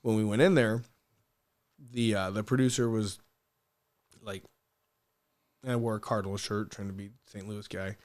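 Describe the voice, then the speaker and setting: A man as a podcast guest, telling stories casually; animated, swearing freely, laughing often and restarting his sentences. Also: on the low side, normal speed, long pauses. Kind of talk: casual storytelling.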